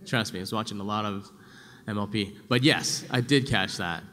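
Male voice actor guest, relaxed panel talk with a bright edge, echoey convention hall. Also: on the low side, moderate pace. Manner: chatty, laughs often, breaks into loud yelled voices when telling stories. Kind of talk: casual panel Q&A answers.

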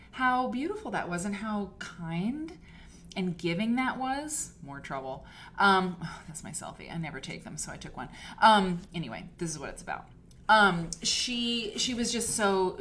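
A woman's voice: mid-range voice, fairly bright tone, slight background noise. Gushing chatty woman hosting a live stream. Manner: rambling with many fillers and restarts. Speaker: host of a live quilting stream. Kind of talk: casual live-stream chat. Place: home studio. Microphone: desk mic for a live stream.

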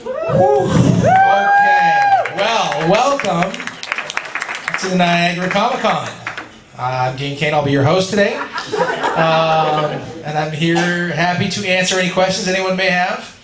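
A man in his forties with a slightly raised pitch, telling stories in a chatty, self-deprecating way at a convention panel. His voice rings through a big echoey hall, and a crowd murmurs behind him. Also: unhurried, loud music behind the voice. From California, USA. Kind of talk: casual Q&A storytelling.

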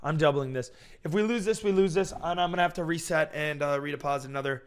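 A man talking casually and excitably to his viewers while playing online blackjack, slangy and restless. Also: a little high, fast. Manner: excitable, slangy, swings between hype and frustration. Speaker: gambling streamer. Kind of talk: casual hyped commentary to camera.

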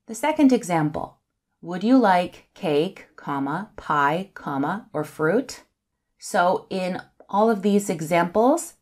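Woman w teaching grammar, slow and careful, kinda low voice. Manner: reads example sentences aloud, naming each comma in a soft dropped voice. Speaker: English teacher. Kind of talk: slow, careful lesson explanation.

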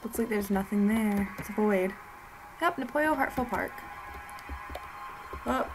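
A woman's voice: medium pitch, measured pace, low-quality recording. A woman giving casual commentary while playing a horror game, chatting to herself as she goes. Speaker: let's play commentator. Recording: game music playing behind. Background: game music.

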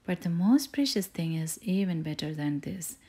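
A woman doing a gentle loving mother bear. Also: fairly low pitch, animated, breathy edge. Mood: tender. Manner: tender, soothing, slow.

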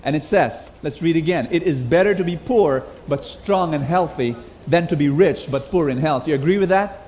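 A Filipino man preaching a sermon, energetic, getting the congregation to repeat phrases after him. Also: on the high side, normal speed, slight background noise. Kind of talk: sermon with call and response. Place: large hall with congregation.

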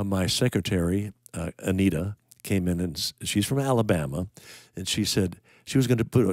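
Older american man, deep low voice, dry close sound, folksy rambling chat, greeting viewers. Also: a little mellow, no echo. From United States. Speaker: worship livestream host.

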